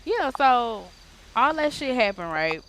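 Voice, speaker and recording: A woman's voice: on the high side, big pitch swings, takes it slowly, fairly bright tone, a little hiss or hum. A woman casually retelling a roleplay game story in slangy, profane, rambling speech, acting out the dialogue. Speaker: roleplay gamer telling a story.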